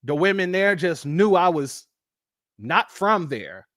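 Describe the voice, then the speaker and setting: A high-voiced man from Los Angeles talks casually to his livestream audience. He is animated and often jumps into an even higher, playful voice to quote people. The sound is dry and close to the microphone. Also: slow pace, dry recording. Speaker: livestream host.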